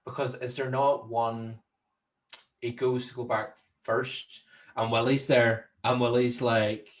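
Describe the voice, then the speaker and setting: A Northern Irish man in easygoing podcast chat, with a mid-pitched voice. He laughs often and breaks into squeaky impressions whenever he quotes a scene. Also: little pitch movement, slow pace. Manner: laughs often, jumps into high silly voices when quoting scenes. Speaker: podcast co-host. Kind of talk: casual chat.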